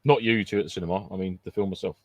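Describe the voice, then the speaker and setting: A man's voice: deep voice, fairly even intonation, rapid-fire, dry recording. A man co-hosting a podcast, trading jokey, matey banter. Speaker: podcast co-host.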